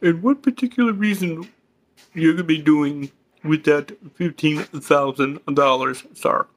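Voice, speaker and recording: A man's voice: fairly high pitch, unhurried. A man playing a formal, patient therapist in a comedy skit. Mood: calm. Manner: calm, formal, patient, then exasperated. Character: patient male therapist, older.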